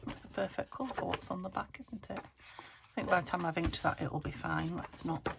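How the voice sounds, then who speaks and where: Gravelly low-voiced British woman crafting. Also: a little fast. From United Kingdom. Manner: rambling, thinks aloud, soft muttered asides. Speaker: craft vlogger. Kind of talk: casual chat while crafting. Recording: steady background noise.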